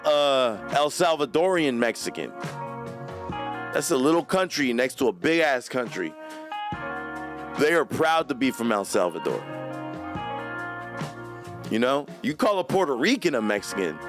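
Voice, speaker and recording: A man hosting a late-night livestream, telling a story in an animated, slangy way and laughing often. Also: mid-range voice, measured pace, pauses often, music in the background. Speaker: livestream host. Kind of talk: casual storytelling rant.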